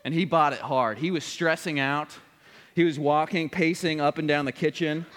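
A man preaches a sermon from the pulpit, his voice sitting a little high for a man. He tells a family story in an earnest way and builds toward a solemn appeal. The long reverb of a large church hall trails after his words. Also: steady tone, moderate pace, a bit bright.

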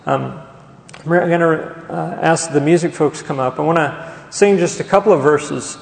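A man's voice: on the high side, moderate pace, creaky, a little hiss or hum. Male pastor, emphatic sermon delivery with questions to the congregation, long hall reverb. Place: church sanctuary. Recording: echoey church hall.

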